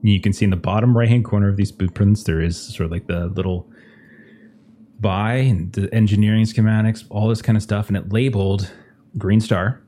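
Low-voiced man running a tabletop game. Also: brisk, slight background noise. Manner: relaxed, descriptive narration with fillers. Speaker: game master.

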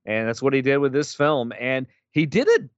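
A man's voice: medium pitch, big pitch swings, moderate pace, clean tone, dry recording, lo-fi sound. A man co-hosting a casual film podcast, laid back, with wry asides and film trivia. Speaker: podcast co-host.

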